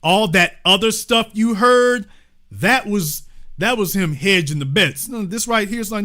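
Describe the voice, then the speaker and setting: Lively emphatic man. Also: sits high, a little slow. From Louisiana. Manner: emphatic, repetitive, swings between loud and hushed. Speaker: host. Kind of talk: impassioned political commentary.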